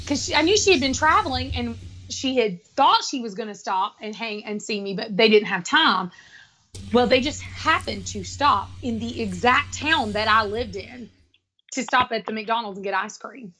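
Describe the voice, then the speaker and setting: A woman hosting a casual live-stream chat, telling a story in a lively way and acting out what people said. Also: on the high side, moderate pace, slight background noise, poor audio. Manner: lively storyteller, acts out quotes. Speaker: host.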